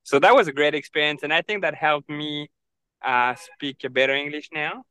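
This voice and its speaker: A young man from France with a French accent, telling stories with animated energy as a podcast guest. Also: a little high, normal speed, clear, resonant tone, no room sound, rough recording. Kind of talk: casual interview chat.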